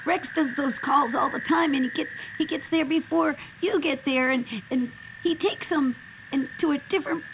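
A woman voicing a fretful, creaky-voiced tween girl bean. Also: sits high, moderate pace. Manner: worried, chattering. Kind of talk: children's radio play. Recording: tinny lo-fi radio with hiss.

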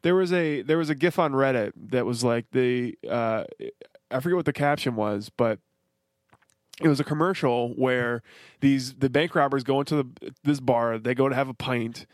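A man's voice: medium pitch, normal speed, no echo, clean studio sound. Rambling, swearing male podcast co-host. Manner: rambling, animated, swears often. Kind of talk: casual chat.

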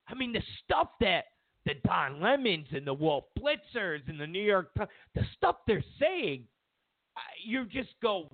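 A man's voice: high-pitched, big pitch swings, a little slow, no room sound. A man hosting a political talk show, giving sarcastic, opinionated commentary and repeating his points for emphasis. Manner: sarcastic, mocks media with exaggerated quotes. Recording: tinny phone-like, dry sound.

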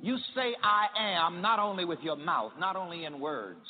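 A man's voice: high voice, expressive, moderate pace. A man preaching a sermon with emphasis, leading his congregation to repeat phrases after him. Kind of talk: sermon with call-and-response. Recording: tinny echoey hall recording with faint hiss.

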